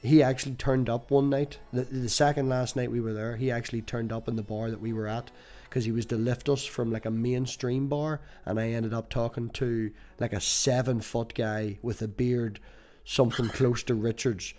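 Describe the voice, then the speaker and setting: A man's voice: mid-range voice, steady tone, normal speed, darkish tone, faint music behind. Irish guy hosting a podcast, chatty storyteller, swears a lot, mid voice. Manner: storytelling, swears freely, laughs easily. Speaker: podcast host. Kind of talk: casual chat.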